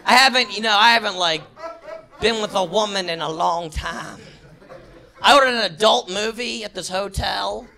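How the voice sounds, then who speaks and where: A man doing a stand-up comedy set, shouting his punchlines and jumping into squealing character voices. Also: high-pitched, moderate pace, vocal fry. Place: comedy club stage before a laughing crowd. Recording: live club recording with crowd noise. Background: audience laughter.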